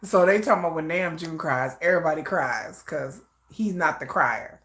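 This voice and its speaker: A woman giving casual live reaction commentary, chatty, trailing off into soft murmurs and then jumping into excited bursts. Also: low-pitched, moderate pace.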